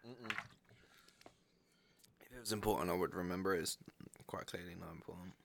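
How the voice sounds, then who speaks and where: A man's voice: deep voice, normal speed, vocal fry, heavy background noise. A young man co-hosting a podcast, chatting in laid-back slang and laughing often. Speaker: podcast co-host. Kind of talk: casual podcast banter.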